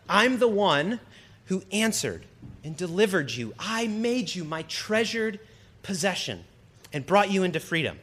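A young priest delivers a sermon in a conversational way, tossing humorous asides to his listeners. His voice is bright and forceful, sitting a little high for a man.

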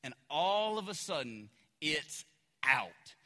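A male pastor preaching a sermon in a casual, animated storytelling way with lots of fillers. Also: a little high, slow pace, in a large hall.

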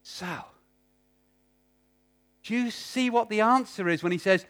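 A man's voice: high voice, expressive, measured pace, a bit bright. A man preaching a sermon, urging his listeners with repeated questions.

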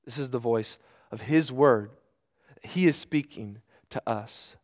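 A middle-aged man preaching a sermon, earnest, moving between hushed, drawn-out phrases and emphatic bursts. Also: mid-range voice.

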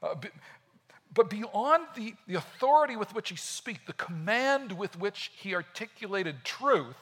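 A man preaching a sermon in a conversational, animated way, often acting out quotes. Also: high-pitched, a little slow, husky. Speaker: pastor.

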